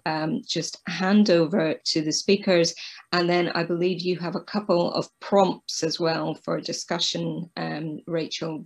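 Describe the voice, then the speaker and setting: A woman chairing an online round-table, speaking in a measured way with many hesitations. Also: on the low side, gravelly, low-quality recording. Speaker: webinar panel chair.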